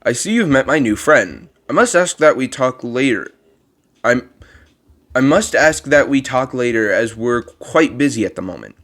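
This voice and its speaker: A man's voice: medium pitch, lively intonation, normal speed. A man voicing a kindly old male monster who looks after a child, talking in a formal, rambling way with a strained put-on voice. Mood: polite. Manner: gentle, formal and fond of rambling. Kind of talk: reading game dialogue aloud.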